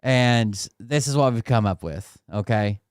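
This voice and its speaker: A man's voice: medium pitch, measured pace, no room sound, clean studio sound. A man hosting a reaction commentary, talking casually and mocking the clips he plays with sarcasm and swearing. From Tennessee. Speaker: commentary channel host.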